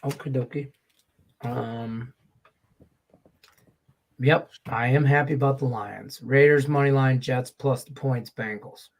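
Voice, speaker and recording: A man's voice: medium pitch, steady tone, takes it slowly, long pauses. A man hosting a casual sports betting show, running through picks with loose, joking chatter and casual swearing.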